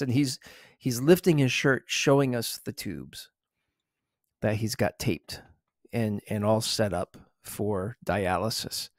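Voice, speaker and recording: A man tells a true story from his past in a calm ASMR narration, stumbling over fillers and repeated words. His voice sits in a middle range and is recorded close and dry. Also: medium pitch, takes it slowly, no room sound. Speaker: former store loss prevention officer.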